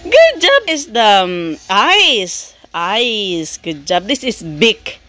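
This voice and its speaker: A woman's voice: mid-range voice, very animated, pushed and bright. Sing-song young mother teaching a toddler. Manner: slow sing-song praise, animal sound imitations. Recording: noisy home recording.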